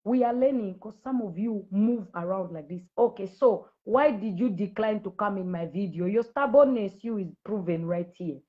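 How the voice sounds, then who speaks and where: A Zambian woman with school-age children preaches to livestream viewers in a confrontational, repetitive way. Her voice is mid-range and moderately paced, with hardly any pauses. The audio sounds dull.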